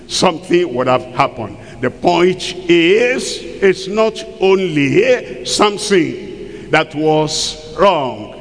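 Expressive preacher in an echoing hall. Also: male voice, high voice, creaky. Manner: emphatic, rhetorical questions, acts out quoted people. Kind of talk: sermon. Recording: long hall reverb.

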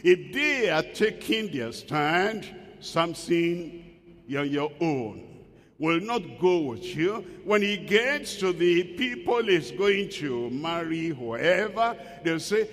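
Lively-voiced male preacher in a hall. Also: fairly high pitch, slow pace. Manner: emphatic, with rhetorical questions and acted-out quotes. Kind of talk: sermon. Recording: long hall reverb.

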